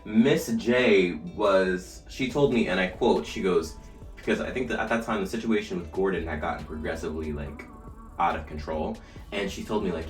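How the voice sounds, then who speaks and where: Young man, deep voice, lively storytelling, echoey room, mic a bit far off. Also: moderate pace. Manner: animated storytelling, shouting re-enacted lines. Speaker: vlogger. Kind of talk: casual storytime while doing a routine. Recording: echoey room, mic at a distance, faint music.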